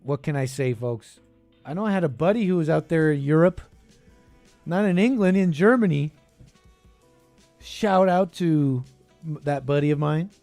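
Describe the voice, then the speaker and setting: A man's voice: a little high, moderate pace, gravelly, long pauses, darkish tone, dry recording, faint music behind. A man hosting a call-in show, talking casually and rambling, with frequent chuckles and trailing thoughts.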